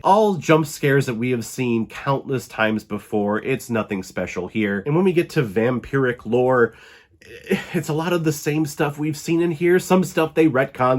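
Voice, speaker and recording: A young man with a hoarse, sick-sounding voice, giving a blunt, joking movie review. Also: medium pitch. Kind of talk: casual movie review vlog.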